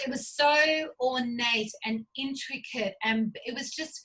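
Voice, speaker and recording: A middle-aged Australian woman chats as an interview guest, gushing and effusive, with plenty of fillers. Her voice is sharp and bright and sits a little high for a woman. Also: unhurried, poor audio. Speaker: guest, cookbook publisher. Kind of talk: casual interview talk.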